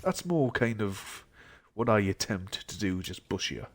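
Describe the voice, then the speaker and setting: A man's voice: fairly low pitch, expressive, unhurried, slight background noise. A young man who is unwell, rambling to himself in casual gaming stream commentary. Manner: rambling, mumbling asides to himself. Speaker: game streamer.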